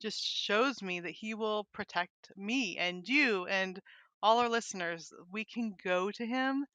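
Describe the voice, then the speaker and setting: A woman co-hosting a casual devotional chat, talking eagerly in quick bursts. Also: mid-range voice, a bit bright, no room sound. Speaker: podcast co-host. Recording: dull, dry close mic.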